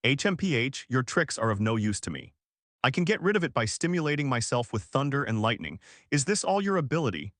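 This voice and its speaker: A male text-to-speech voice reading the lines of an arrogant thunder god man in an audiobook, flat and a little raised in pitch. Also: a little fast, dry recording, studio quality. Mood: mocking.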